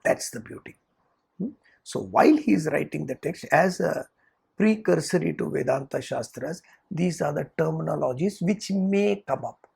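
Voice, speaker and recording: Brief: spiritual lecturer, deep fry and heavy rasp throughout, earnest, rhetorical asides. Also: animated, moderate pace, a little mellow. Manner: earnest, checks in with rhetorical "hmm?" tags. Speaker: spiritual teacher. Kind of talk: lecture on scripture.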